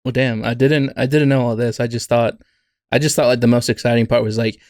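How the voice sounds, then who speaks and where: A man making wry jokes and asking quick questions in a casual podcast chat. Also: medium pitch, fairly even intonation, darkish tone. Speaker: podcast co-host.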